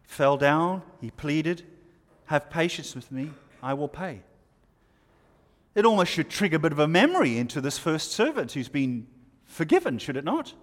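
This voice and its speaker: Very animated and fairly high-pitched, a man preaches an expository sermon through scripture verse by verse. He pauses and throws rhetorical questions at his listeners, and the recording carries a hall's long reverb.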